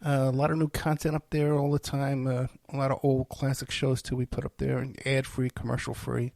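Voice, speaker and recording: A man's voice: medium pitch, level tone, brisk, creaky, a little mellow, dry recording. A male podcast host talking alone on his show, rambling and self-deprecating with many fillers, and tired and unwell. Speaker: podcast host and private investigator. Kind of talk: rambling solo podcast talk.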